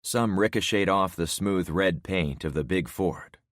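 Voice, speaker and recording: Deep-voiced male audiobook narrator. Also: measured pace, no room sound, clean studio sound. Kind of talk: first-person scripted narration.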